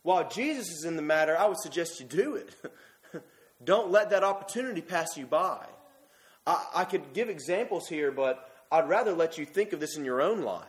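A man's voice: a little high, lively intonation, moderate pace. A man preaching a sermon in an earnest, emphatic way, often restarting his words.

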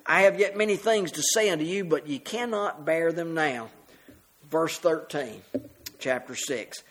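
A man preaching a sermon, reading scripture aloud and explaining it to the congregation, rising on the readings and dropping soft at phrase ends. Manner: rises in pitch and volume on scripture, drops soft and slow at phrase ends.

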